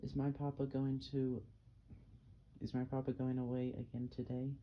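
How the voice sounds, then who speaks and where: A man's voice: mid-range voice, monotone, moderate pace, lightly acted. A young man voicing a curious small boy in his own plain reading voice, recorded dull and lo-fi. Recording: dull lo-fi, faint hiss.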